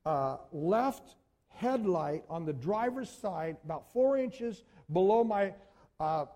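A man preaching a sermon in church, telling stories with animated delivery and speaking directly to the congregation. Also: high-pitched, slow pace. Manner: animated storytelling, addresses congregation as folks. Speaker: pastor.

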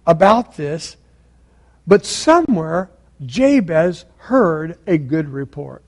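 A man's voice: sits high, mellow. A man preaching from a church stage into a microphone, telling stories and building to emphatic points. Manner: storytelling, emphatic build-ups. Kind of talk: sermon.

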